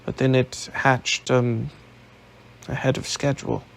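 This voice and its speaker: A man's voice: medium pitch, flat delivery, a little slow, gravelly, slight background noise. A man reading an audiobook, voicing a proud young Austrian nobleman who speaks formally and indignantly. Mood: earnest, indignant.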